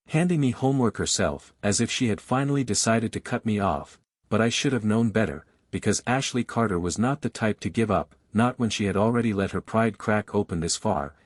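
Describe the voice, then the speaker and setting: A man narrating a first-person romance story in a flowing, steady manner, carrying long run-on sentences. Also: on the low side, no room sound, studio quality.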